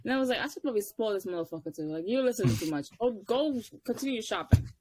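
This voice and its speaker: A woman's voice: very fast, slight background noise. A young woman co-hosting a podcast, telling stories in casual chat and acting out the quotes with big jumps in her voice. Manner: animated storytelling, acts out quotes with big pitch jumps. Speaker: podcast co-host.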